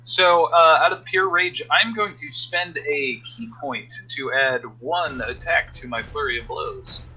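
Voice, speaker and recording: A man playing in a tabletop game over a call. He exclaims and curses at bad rolls and makes quick asides. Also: fairly high pitch, sharp tone, lo-fi sound, slight background noise. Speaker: player.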